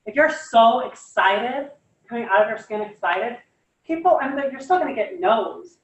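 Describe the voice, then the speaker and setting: A woman's voice: fairly high pitch, animated, moderate pace, lo-fi sound. A young woman giving a casual motivational talk, enthusiastic and chatty with lots of "like" and "you guys". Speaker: guest speaker. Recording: echoey room, far from the mic.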